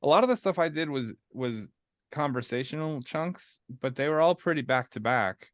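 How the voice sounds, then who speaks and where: A man's voice: on the high side, animated, normal speed, no echo. A man playing in a tabletop game and hosting the podcast, chatting casually with restarts and easy swearing. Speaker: player and podcast host. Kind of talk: casual chat among players.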